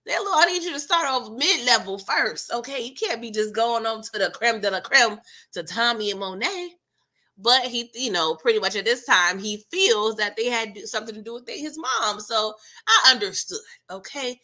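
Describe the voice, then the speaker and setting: A woman hosting a casual TV episode recap, playful and animated, laughing often and acting out the characters' lines. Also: on the high side, moderate pace. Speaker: TV recap host.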